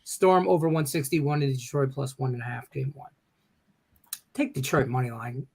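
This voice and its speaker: A man's voice: mid-range voice, fairly even intonation, normal speed, vocal fry. A man hosting a sports betting show, joking and rambling as he reads viewer comments aloud. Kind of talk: casual sports betting chat.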